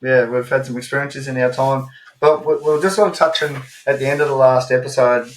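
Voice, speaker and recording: A man's voice: medium pitch, fairly even intonation, fairly quick, slight background noise, poor audio. A man with an Australian accent co-hosting a podcast, telling a story in casual chat, swearing freely and rambling through asides. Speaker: podcast co-host.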